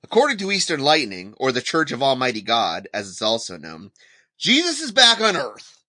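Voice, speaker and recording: Male podcast co-host, animated and bright, jokey reader, dry close sound. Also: medium pitch, moderate pace, dry recording. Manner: playful, jokey, breaks into sung lines. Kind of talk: casual podcast banter.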